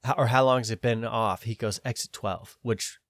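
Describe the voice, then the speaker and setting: Man, podcast host, animated storyteller, dry close sound, mid pitch. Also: moderate pace, no echo. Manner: animated storyteller, quotes others in his own voice, swears. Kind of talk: casual storytelling chat.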